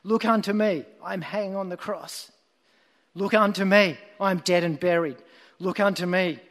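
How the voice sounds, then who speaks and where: A man's voice: high voice, fairly even intonation, moderate pace, a bit bright, long reverb tail. A man putting on a plain-spoken Essex lay preacher. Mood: pleading. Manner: earnest, insistent repetition.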